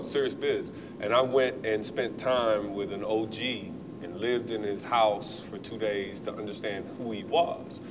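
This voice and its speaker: A man with a lowish voice gives thoughtful, measured answers in a casual interview. He sits a bit back from the mic, and clear noise runs under him. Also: far from the mic. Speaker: actor guest.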